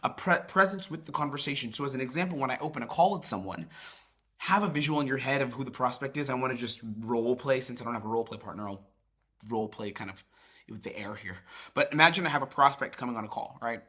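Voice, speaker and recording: A man gives a sales training talk in a loose, casual way, now and then swearing and acting out how a call should sound. His voice is bright and a little husky. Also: medium pitch, fast talker. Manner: demonstrates tones by acting out calls; casual, swears, many restarts. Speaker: sales coach.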